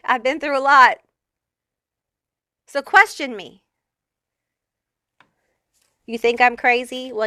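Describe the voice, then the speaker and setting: A woman's voice: fairly high pitch, bright, forceful tone, dry recording. Fired-up, foul-mouthed woman reading tarot. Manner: blunt, profane and fired-up, talking straight to the viewer. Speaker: tarot reader. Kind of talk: pick-a-card tarot reading.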